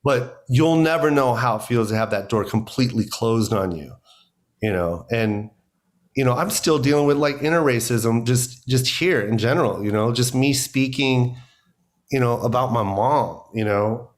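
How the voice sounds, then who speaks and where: A middle-aged American comedian, a guest in a conversational interview, speaks at medium pitch and normal speed. He's emphatic and animated, with many "you know"s.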